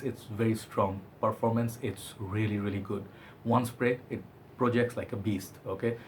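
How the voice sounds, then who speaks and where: A man's voice: lowish voice, a little hiss or hum. A man giving a chatty, enthusiastic product review, often hedging with "I think". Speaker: fragrance reviewer.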